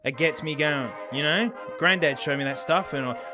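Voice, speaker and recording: A man with a South Australian accent hosting a casual comedic vlog, energetic and slangy, saying "mate" constantly. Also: fairly high pitch, moderate pace, music in the background. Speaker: video host.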